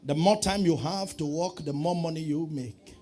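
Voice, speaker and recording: A man preaching a sermon, calling out to the congregation and swinging from quiet asides to shouting. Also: a little high, normal speed, soft background music. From Nigeria. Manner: preaching with call-and-response, swinging from soft to shouting. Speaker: pastor.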